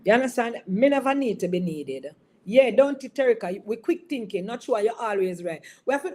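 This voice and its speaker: A woman's voice: medium pitch, darkish tone. A woman giving an informal sermon on marriage, teasing listeners by name and often asking whether they understand. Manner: conversational, teasing audience members by name, frequent tag questions. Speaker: bishop. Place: online service broadcast.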